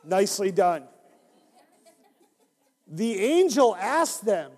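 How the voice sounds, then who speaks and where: A man with a high, creaky voice takes the reading slowly, leaving long pauses as he shares an interactive Bible story with the children he ministers to. He is animated and coaxes them to join in. There is long hall reverb.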